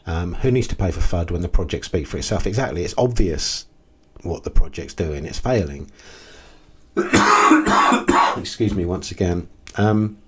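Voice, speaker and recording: A man's voice: deep voice, expressive, a little slow, noisy background. A man hosting a casual commentary video, talking in a blunt, exasperated way with frequent ums and restarts. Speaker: crypto video host.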